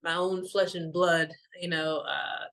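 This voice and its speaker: A woman's voice: on the low side, steady tone, measured pace, vocal fry, fairly bright tone. A young woman and mother, a meditation teacher talking loosely and emotionally through a spiritual card message, full of fillers. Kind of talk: casual spiritual talk.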